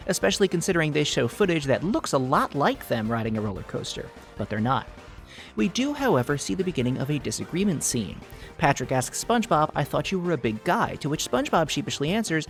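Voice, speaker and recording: A man's voice: mid-range voice, gravelly. A man hosting a mock-serious theory video, analyzing with earnest, over-the-top seriousness while barely holding back laughter. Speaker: YouTube theory video host.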